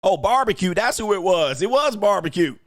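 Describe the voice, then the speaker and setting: A man's voice: sits high, big pitch swings, no echo. Exclaiming livestream host man, dry sound. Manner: exclaiming, chuckling, drawn-out reactions. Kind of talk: casual live reaction commentary.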